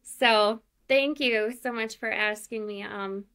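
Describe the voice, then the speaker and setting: A woman's voice: a little high, takes it slowly, fairly bright tone, smooth. A woman in her forties with a Minnesota accent, chatting as an interview guest in a self-deprecating way with many fillers. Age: 40s. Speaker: guest, candle maker. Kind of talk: casual interview.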